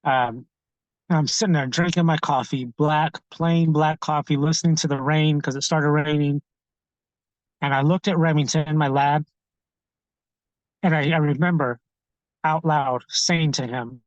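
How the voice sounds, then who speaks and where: Halting, higher-voiced man telling his story. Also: fairly even intonation, no room sound, highs cut off. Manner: halting and candid, with frequent restarts and fillers. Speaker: podcast guest. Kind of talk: personal storytelling.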